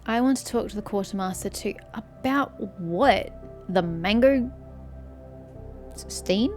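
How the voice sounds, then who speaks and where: A woman's voice: mid-range voice, animated, measured pace. A woman doing let's-play commentary, sarcastic and sweary, ranting about the game. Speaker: gaming streamer. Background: faint game music.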